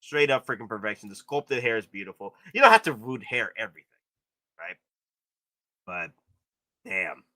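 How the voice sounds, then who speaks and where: A man hosting a live stream, commenting excitedly on collectible figures and gushing with repeated exclamations. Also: on the low side, moderate pace, pauses often, no echo, clean studio sound. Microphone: streaming setup.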